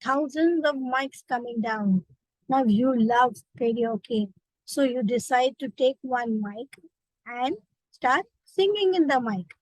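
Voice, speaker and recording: A woman's voice: fairly high pitch, lively intonation, slow pace, a little mellow, no room sound, rough recording. A woman with an Indian accent, a memory trainer, guiding listeners through a vivid imagined story. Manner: vivid storytelling, direct address. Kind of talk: guided visualization lesson.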